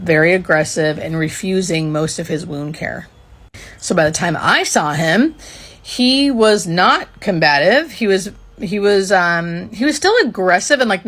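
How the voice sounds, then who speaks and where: A woman's voice: lowish voice, fairly bright tone. A woman who works as a hospice nurse, telling a candid storytime in a conversational way. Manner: candid, conversational, teasing asides. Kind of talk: casual storytime.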